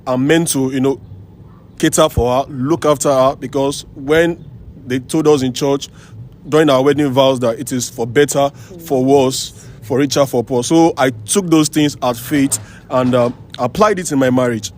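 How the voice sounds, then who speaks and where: A man, a guest on a talk show, telling his personal story in an emotional, halting way and repeating himself. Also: mid-range voice, steady tone, a little mellow, a little hiss or hum.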